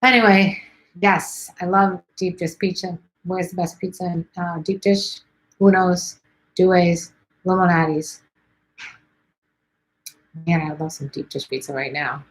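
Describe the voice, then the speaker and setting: A woman's voice: on the low side, fairly even intonation, measured pace, pauses often, low-quality recording. Chatty, blunt middle-aged woman losing her voice. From Chicago. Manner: chatty and blunt, with many fillers. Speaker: livestream host answering viewer questions. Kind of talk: casual livestream chat.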